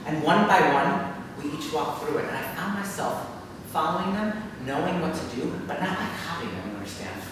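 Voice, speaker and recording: A man's voice: fairly high pitch, animated, fairly quick, noisy background. A man performing a one-man comic monologue on a theater stage, chatty and full of fillers. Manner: conversational, lots of fillers and self-interruptions. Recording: echoey live theater from far off.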